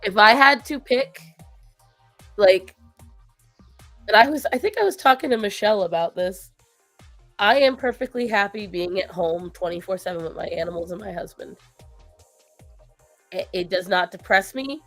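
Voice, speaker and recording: A woman chatting casually on her livestream. She rambles, sounds tired and low after a long week, and breaks off to talk baby talk to her pets. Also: moderate pace, long pauses, fairly bright tone, soft background music. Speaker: stream host.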